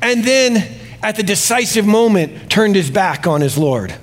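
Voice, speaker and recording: Animated male pastor preaching. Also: sits high, unhurried, faint music behind. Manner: animated, confessional, swings between hushed and exclaiming. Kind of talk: sermon.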